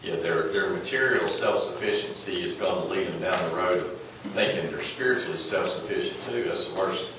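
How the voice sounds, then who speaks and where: Low-voiced man, earnest, heard far off in a roomy space with people around. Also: a little fast. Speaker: class member. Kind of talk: casual group discussion. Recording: roomy, distant mic, group noise.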